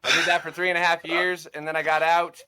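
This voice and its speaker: A man's voice: fairly high pitch, little pitch movement, quick pace, noisy background. A man guesting on a casual podcast, telling stories in a brash, profane way. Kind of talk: casual chat.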